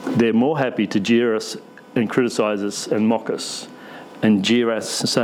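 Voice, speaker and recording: Casual preacher. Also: male voice, lowish voice, fairly even intonation, normal speed, a little mellow, slight background noise, rough recording. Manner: casual, asks the congregation questions, light humour. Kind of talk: conversational sermon. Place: church.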